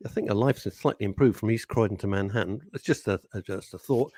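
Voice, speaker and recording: A man's voice: lowish voice, fast talker, few pauses, a little mellow, husky, no echo. A man co-hosting a radio show in casual banter, teasing his partner and reading out listener messages. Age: older. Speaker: radio co-host. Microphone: studio microphone.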